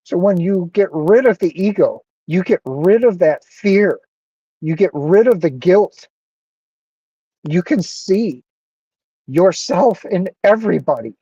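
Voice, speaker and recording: A man's voice: high voice, lively intonation, slow, warm tone, breathy edge, dry recording, lo-fi sound. A man talking earnestly and emotionally into his camera in a personal monologue, close to tears and repeating himself. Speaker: vlogger.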